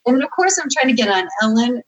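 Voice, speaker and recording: A woman author, a guest on a podcast, telling a story in casual, animated chat and correcting herself as she goes. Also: on the high side, highs cut off. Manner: animated storyteller, quick asides and self-corrections.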